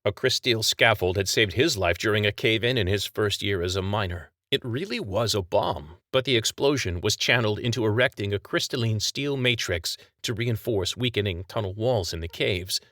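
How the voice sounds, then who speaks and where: A man narrates his own story as a scripted audiobook, keeping his storytelling measured and even. His voice sits fairly low, and the studio-quality recording has no echo.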